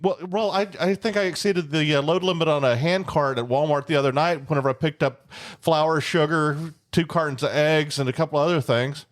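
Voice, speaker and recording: A man's voice: fairly high pitch, fairly quick, few pauses. A man co-hosting a casual podcast chat, rambling with fillers and casual cursing. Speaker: podcast co-host.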